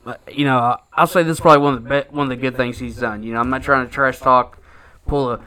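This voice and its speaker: A man's voice: mid-range voice, fairly even intonation, quick pace, pushed and bright. A man co-hosting a podcast, telling a rambling story in casual chat, swearing often and filling with "like" and "you know". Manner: rambling, heavy swearing and filler words. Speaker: podcast co-host.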